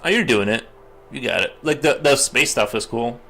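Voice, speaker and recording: Man, casual livestream chat, halting and rambling, faint music behind. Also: mid-range voice, animated, creaky, bright, forceful tone. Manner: rambling, halting, many restarts and fillers. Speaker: streamer. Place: home studio while drawing.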